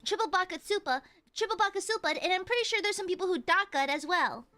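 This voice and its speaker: A woman's voice: very high voice, animated, quick pace, pushed and bright, soft background music. A young woman livestreamer chatting casually and reading donations, bubbly and giggly, cursing freely.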